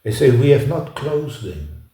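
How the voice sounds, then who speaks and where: A man giving an unscripted lecture, talking haltingly with frequent pauses and restarts. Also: mid-range voice, sing-song, warm tone. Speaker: speaker giving a talk. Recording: echoey room.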